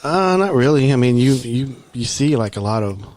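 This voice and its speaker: A man's voice: mid-range voice, lively intonation, normal speed, a little mellow. A man with a Texan accent co-hosting a podcast, chatting casually and rambling with lots of fillers. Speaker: podcast co-host. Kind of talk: casual chat.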